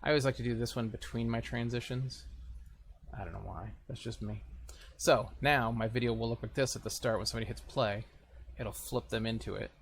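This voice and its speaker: A man's voice: medium pitch, steady tone, brisk, slight background noise. A man casually talking through a screen-recorded editing tutorial, thinking aloud as he clicks around. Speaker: video tutorial host.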